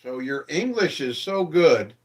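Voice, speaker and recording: A man's voice: a little high, big pitch swings, measured pace. A man hosting a live-stream show, chatting casually and in a friendly way with his viewers and asking them questions.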